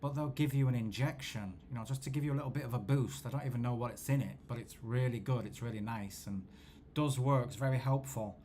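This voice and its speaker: A man, host of a football watchalong, telling rambling, self-deprecating stories in a low-key casual chat. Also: quick pace, few pauses, mellow, a little hiss or hum. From England.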